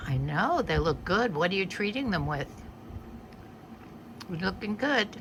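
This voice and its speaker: A woman's voice: mid-range voice, sing-song, a little slow, background noise. A woman in her eighties, chatty and homey, talking through a cooking demonstration in her home kitchen. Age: 80s. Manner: chatty, homey, talks through each step. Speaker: home cook vlogger.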